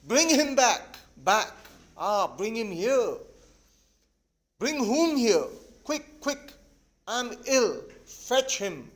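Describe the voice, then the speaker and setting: An impulsive young daughter who wails and pleads, as a man reads her lines. Her voice runs high and carries loudly. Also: lively intonation, a little slow, full character voice. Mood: hysterical. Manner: wailing, pleading.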